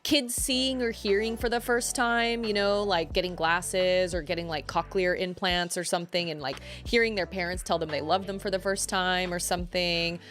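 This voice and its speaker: A woman's voice: fairly low pitch, steady tone, moderate pace, few pauses, a bit bright. A woman livestreaming, chatting casually and rambling as she reacts to her viewers. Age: adult parent. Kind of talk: casual chat.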